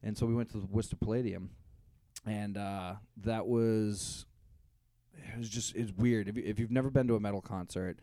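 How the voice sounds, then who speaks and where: A man's voice: lowish voice, steady tone, moderate pace, mellow, no echo. A young man co-hosting a podcast, chatting casually and joking about himself. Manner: joking, self-deprecating. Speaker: podcast co-host. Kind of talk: casual chat.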